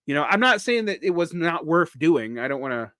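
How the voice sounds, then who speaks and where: A man with a Southern US accent hosting a live solo vlog, talking casually and haltingly, with many restarts. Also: fairly high pitch, sing-song, sharp tone, clean tone, no room sound, clean studio sound. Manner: halting, with frequent restarts and fillers. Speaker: vlog host.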